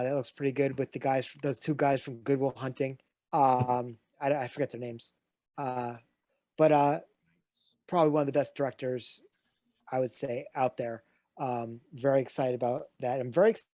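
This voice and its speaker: A man's voice: mid-range voice, fairly even intonation, moderate pace, dark tone, no echo. A man hosting a casual online watch-along, introducing the guest and the film with many fillers. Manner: upbeat, filler-heavy introductions. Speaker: host. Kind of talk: casual show hosting on a video call.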